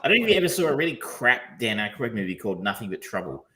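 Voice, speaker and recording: A man's voice: fairly low pitch, big pitch swings, very fast, bright, forceful tone, slight background noise. A man co-hosting a podcast, talking casually and rambling, with frequent ums, restarts and casual swearing. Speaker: podcast co-host reviewing films. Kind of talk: casual chat.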